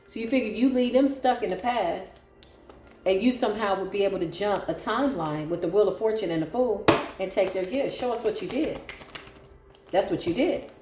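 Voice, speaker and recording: A woman's voice: medium pitch, normal speed. A woman giving a solo tarot reading, sassy, sarcastic and preachy. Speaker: tarot reader. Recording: echoey room with faint music.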